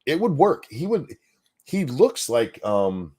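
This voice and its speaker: Slow and slightly rough, in a mid-range voice, a middle-aged man reads donations as co-host of a live stream show. He jokes in a profane, animated, rambling manner and keeps restarting what he says.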